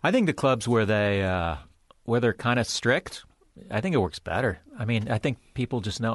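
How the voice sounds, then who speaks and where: A man's voice: medium pitch, lively intonation, normal speed, no room sound. A man hosting a casual podcast chat, chiming in with short replies and telling his own comedy club story. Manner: easygoing, chimes in with short replies and quips.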